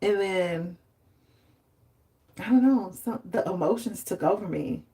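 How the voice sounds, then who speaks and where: A woman's voice: medium pitch, moderate pace. Chatty woman live-streaming about hair care. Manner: chatty, animated, dramatizes stories with laughter.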